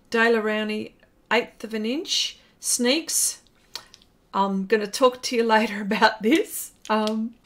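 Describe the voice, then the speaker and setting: Australian woman, casual live-stream chat, painting while talking, fillers and asides, slightly high pitch. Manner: chatty, warm greetings to chat, rambling with fillers.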